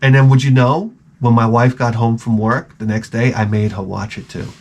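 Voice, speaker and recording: A middle-aged man hosting his own channel, telling rambling, profane stories in a casual, animated way. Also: medium pitch, normal speed, creaky, highs cut off. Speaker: channel host. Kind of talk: casual storytelling to camera.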